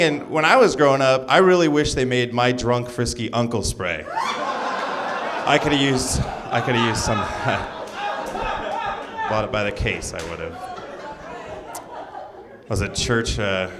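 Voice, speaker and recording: A man's voice: mid-range voice, fairly bright tone. A young man performing a loose, jokey stand-up set on a club stage, talking to the audience between bits. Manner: loose, jokey delivery with asides to the crowd. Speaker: stand-up comedian. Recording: live club recording with crowd. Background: audience laughter and clapping.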